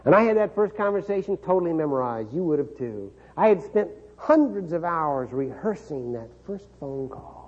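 A husky, somewhat high-voiced middle-aged man from Kansas addresses an audience in a motivational speech. He tells his story dramatically, with wry humor and frequent chuckles. The recording sounds dull and lo-fi. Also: darkish tone. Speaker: keynote speaker.

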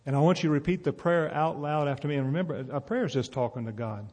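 A man from North Carolina, leading an altar call and a prayer in a folksy, gentle way. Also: fairly high pitch, fast talker, big-room sound. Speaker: evangelist preacher. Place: large arena event.

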